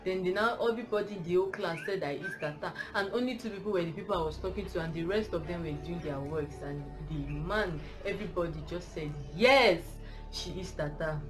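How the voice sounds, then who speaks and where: A woman's voice: lowish voice, quick pace, few pauses. Nigerian woman rambling through a story. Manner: rambling, self-correcting storytelling. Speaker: vlogger. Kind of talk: storytime vlog. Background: music.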